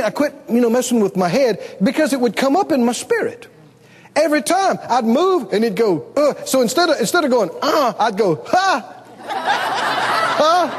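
A man preaching a sermon, telling stories with lots of laughter and acting out his own voice. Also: very high-pitched. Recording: long reverb of a large hall.

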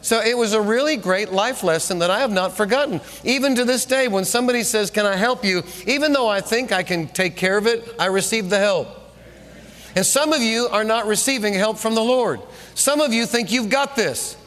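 High-voiced preacher in a reverberant hall. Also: male voice, brisk. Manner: animated storytelling, repeats phrases for emphasis. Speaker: pastor. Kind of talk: sermon. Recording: long reverb of a large room.

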